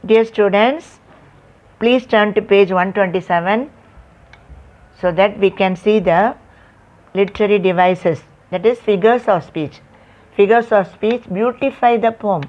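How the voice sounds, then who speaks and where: A woman's voice: medium pitch, measured pace, long pauses. A woman teaching an English poetry lesson, explaining lines and literary terms to her students and spelling words out letter by letter. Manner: addresses students directly, asks rhetorical questions. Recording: dull lo-fi recording.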